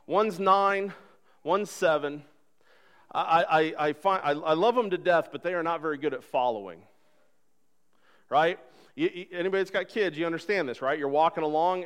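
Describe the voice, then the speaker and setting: Animated, conversational male pastor. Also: fairly high pitch. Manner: animated and conversational, acting out dialogue. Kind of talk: sermon. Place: church sanctuary.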